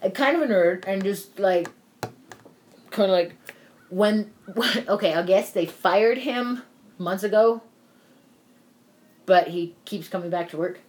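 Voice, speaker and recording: A woman's voice: medium pitch, a little slow, long pauses, a little mellow. Rambling, profane woman telling a story. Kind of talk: casual chat.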